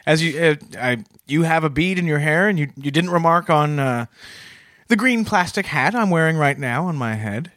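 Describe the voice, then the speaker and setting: A man co-hosting a comedy podcast in earnest, mild banter with a quick chuckle. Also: fairly high pitch, expressive, a bit bright, dry recording, studio quality. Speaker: podcast co-host.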